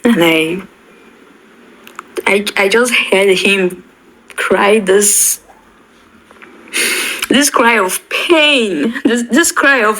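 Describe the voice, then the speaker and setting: A young woman tells an emotional personal story, halting and often repeating her words. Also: mid-range voice, a bit bright, low-quality recording. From Nigeria. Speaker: bereaved daughter.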